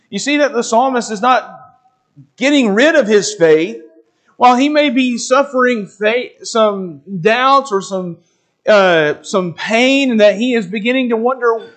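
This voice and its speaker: High-voiced, slow-speaking male preacher. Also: fairly bright tone. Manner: measured, deliberate teaching delivery. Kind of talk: expository sermon with scripture reading.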